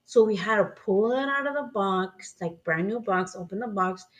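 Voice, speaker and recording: A woman's voice: mid-range voice, moderate pace. Bilingual woman telling a story casually. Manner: switches between English and Spanish mid-sentence, swears casually. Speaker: podcast co-host.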